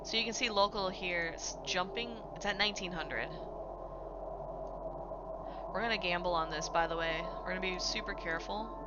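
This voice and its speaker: Excitable chatty woman streamer, low voice. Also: normal speed, long pauses, dull audio, heavy background noise. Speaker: game streamer. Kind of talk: live game-stream commentary. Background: background music.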